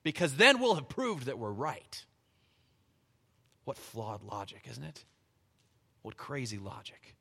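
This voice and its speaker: A man delivering a sermon with a mid-range voice. He reads scripture and retells it in animated storytelling, often chuckling. A long reverb trails his words through the hall. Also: mid-range voice, slow, vocal fry, long pauses, breathy edge. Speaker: preacher.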